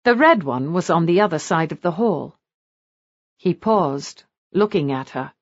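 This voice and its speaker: Expressive low-voiced woman narrator. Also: unhurried, no echo, lo-fi sound. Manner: expressive, animated reading. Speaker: audiobook narrator. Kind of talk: scripted romance narration.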